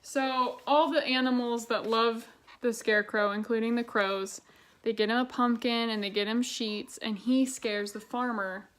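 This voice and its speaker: A woman's voice: a little high, fairly even intonation, measured pace, fairly bright tone. A young woman casually reading children's books aloud and adding chatty, sarcastic commentary. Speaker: book vlogger.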